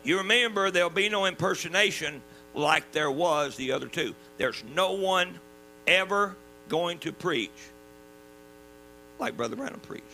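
A man with a Southern US accent preaching a sermon in a folksy, emphatic way, dropping suddenly to quiet. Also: high-pitched, unhurried, poor audio. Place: church. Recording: mains hum underneath.

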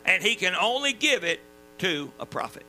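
Southern male preacher, high piercing voice, folksy emphatic sermon, hum under it. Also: sing-song, normal speed, poor audio. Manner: folksy, emphatic preaching with sudden drops to quiet. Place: church.

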